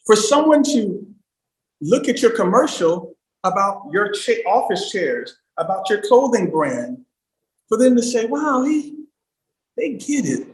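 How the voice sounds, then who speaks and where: Excited guy coaching on storytelling, voice jumps all over, bit of room echo. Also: high-pitched, measured pace. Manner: animated, emphatic, swings from loud to hushed. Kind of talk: livestream talk.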